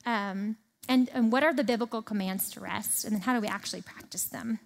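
High-voiced woman preaching a casual sermon. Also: brisk, creaky. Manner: animated, conversational, reads scripture aloud and paraphrases it casually. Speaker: speaker teaching a Bible passage.

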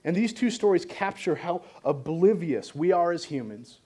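A man preaching a sermon, reading scripture and explaining it in an animated, joking style. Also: a little high, normal speed, slightly rough.

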